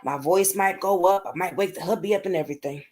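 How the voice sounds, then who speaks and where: A woman's voice: on the low side, quick pace, darkish tone. A woman hosting a casual livestream at home at night, chatting to her viewers and reacting to their comments as she goes. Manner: chatty, talks straight to viewers and reads out comments. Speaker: livestream host discussing unsolved cases. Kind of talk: casual live-stream chat.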